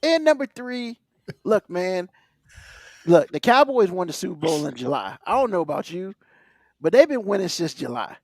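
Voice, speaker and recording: A man's voice: high voice, very animated, moderate pace, no room sound, studio quality. A man co-hosting a casual sports podcast, ranting animatedly and swearing freely. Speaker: podcast co-host.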